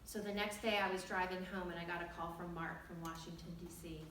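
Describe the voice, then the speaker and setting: A woman speaking at a women's ministry event, telling a personal testimony in an animated storytelling way and acting out the dialogue. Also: lowish voice, brisk, a little hiss or hum. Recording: echoey hall, distant mic.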